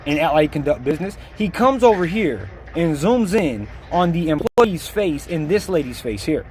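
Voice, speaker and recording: Mocking man with a higher voice. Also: sing-song, moderate pace, darkish tone. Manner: mocking, blunt and slangy. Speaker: video commentator. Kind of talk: casual reaction commentary.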